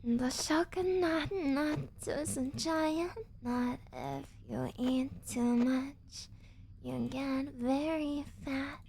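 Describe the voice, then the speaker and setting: Gentle mature big sister, voiced by a woman; soft, low, unhurried. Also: creaky, a little hiss or hum, heavily acted.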